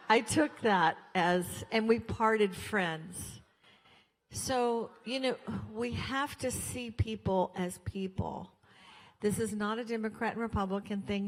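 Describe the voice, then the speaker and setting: An older woman from Colorado giving a chatty, storytelling speech to an audience, acting out the voices in her own anecdotes. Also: medium pitch. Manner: chatty storytelling, acts out dialogue. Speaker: guest speaker at a fundraiser. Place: church hall. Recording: long hall reverb.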